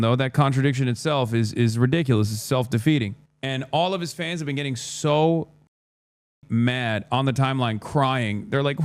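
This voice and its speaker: An American man giving sarcastic, rapid-fire live-stream political commentary. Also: mid-range voice, clear, resonant tone, no room sound. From United States.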